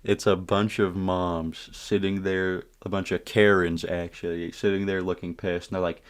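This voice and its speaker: Deep-voiced man telling a wild story. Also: moderate pace, hardly any pauses, clear, resonant tone. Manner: profane, animated retelling with asides to viewers. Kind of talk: casual story time.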